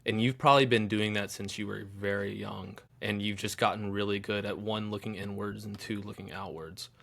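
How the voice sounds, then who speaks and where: Brief: podcast host, low gravelly man, halting and reflective. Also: level tone, a bit bright. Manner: halting and reflective, many ums. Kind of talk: casual conversation.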